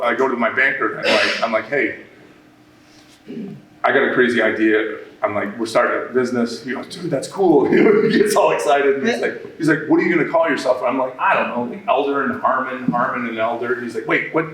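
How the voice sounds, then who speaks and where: A man's voice: medium pitch, a little fast. A man who runs a business, telling an audience a long story about his start, with many restarts and quoted remarks. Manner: rambling, animated, with many restarts. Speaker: business owner speaking at a workshop. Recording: echoey room, mic at a distance.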